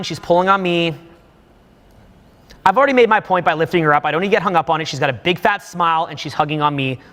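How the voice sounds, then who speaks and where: A man's voice: a little high, a bit bright, in a large hall. A man in his thirties giving emphatic, profane live commentary on video footage for a class of students. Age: 30s. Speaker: dating coach.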